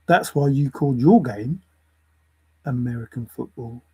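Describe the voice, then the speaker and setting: A man's voice: mid-range voice, measured pace, a little mellow, slightly rough, low-quality recording. A man ranting to camera in a lecturing way, repeating his points for emphasis. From England. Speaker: vlogger. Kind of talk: opinion rant to camera.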